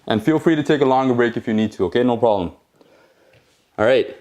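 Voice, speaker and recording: A man's voice: mid-range voice, lively intonation, a little fast, a little mellow. A man leading a home workout, encouraging, counting reps and checking in with "okay?" as he exercises along. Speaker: fitness instructor.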